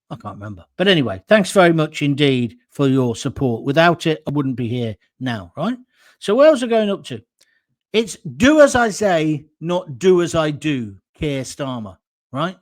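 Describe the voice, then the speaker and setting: A middle-aged man giving a sarcastic, indignant political rant as an online commentator. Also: on the high side. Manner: slips into mocking impressions. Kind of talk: ranting political monologue.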